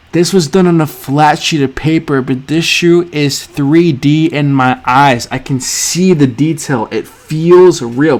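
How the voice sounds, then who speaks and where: On his sneaker art channel, a man reacts to drawings on screen with gushing, theatrical awe, his voice a little high and swinging from loud to hushed.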